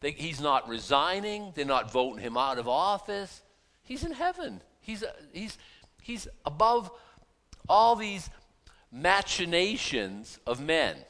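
Man, pastor, conversational sermon, rhetorical questions, lively pitch. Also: takes it slowly.

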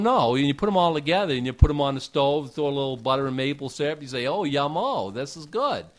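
Male preacher, casual sermon, folksy asides, slightly higher voice. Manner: conversational, rhetorical questions, folksy asides.

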